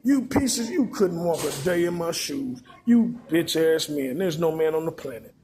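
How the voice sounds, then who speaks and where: Man mimicking a shrill, scornful woman. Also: very animated, normal speed, a little mellow, a little hiss or hum.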